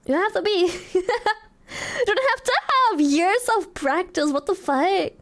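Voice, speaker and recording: A young adult woman streaming casually, giggly and swearing a lot as she excitedly thanks donors. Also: very high-pitched, unhurried. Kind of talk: casual live-stream chat.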